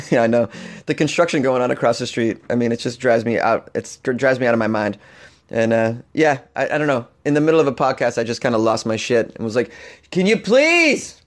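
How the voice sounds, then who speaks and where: Guy doing his comedy podcast, bit hoarse, rambly, keeps restarting, mid-pitch. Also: a little fast. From Boston, Massachusetts. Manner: rambling and animated, with frequent restarts and laughs. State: slightly hoarse. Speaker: podcast host. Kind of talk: casual comedic podcast monologue.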